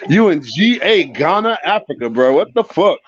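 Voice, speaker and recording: Guest, 50s man, higher voice, crude and rowdy, dull lo-fi sound. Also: big pitch swings, moderate pace, husky. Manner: rowdy, profane, mimics others in a deeper voice. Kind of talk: casual chat.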